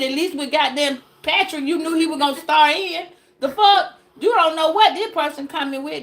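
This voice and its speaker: High-voiced woman giving a profane tarot reading. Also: a bit bright. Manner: profane, rambling, joking. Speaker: tarot reader. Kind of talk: casual comedic tarot reading.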